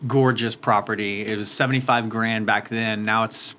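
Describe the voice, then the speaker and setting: A man's voice: fairly low pitch, fairly even intonation, normal speed, pushed and bright, a little hiss or hum. Guy in his thirties telling his business story in an interview, upbeat and eager. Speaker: guest, roofing company owner. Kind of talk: interview conversation.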